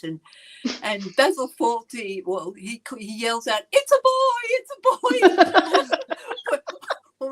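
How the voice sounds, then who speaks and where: A woman hosting a podcast runs a casual interview, chatty and enthusiastic, telling stories and laughing easily. Her mid-range voice is a bit bright, and the rough recording has slight background noise.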